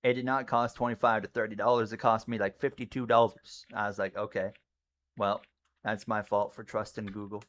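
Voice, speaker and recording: This racing-game streamer's voice sits on the low side, and he speaks briskly. He chats with viewers and rambles casually through his commentary, then erupts in excited shouting during tight moments.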